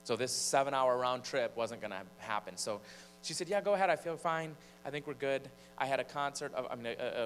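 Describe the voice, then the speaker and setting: Man, preacher and singer, animated storytelling, long church reverb. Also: mid-range voice. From Michigan. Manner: animated storyteller, building suspense. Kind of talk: storytelling from the pulpit. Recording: long church reverb, faint mains hum.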